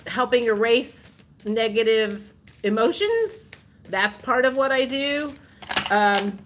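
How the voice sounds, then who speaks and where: A woman's voice: a little high, noisy background. A woman hosting a casual tarot livestream, chatting and reading viewer comments aloud, laughing often.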